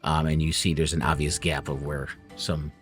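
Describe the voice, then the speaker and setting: A man's voice: very deep voice, little pitch movement, moderate pace, faint music behind. A man narrating scenes as game master in a tabletop game, descriptive with frequent fillers.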